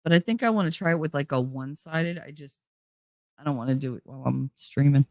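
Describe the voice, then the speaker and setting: Talking at a quick pace in a darkish tone, a woman hosts a casual livestream and chats with viewers. She curses freely, laughs a lot and ranges widely in pitch, captured on a desk microphone with dry, clean studio sound.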